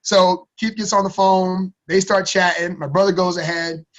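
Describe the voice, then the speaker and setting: A man in his thirties with a notably high voice tells a personal story as a podcast guest. He talks casually and uses slang. He often stumbles and repeats words, which keeps the story lively. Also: normal speed.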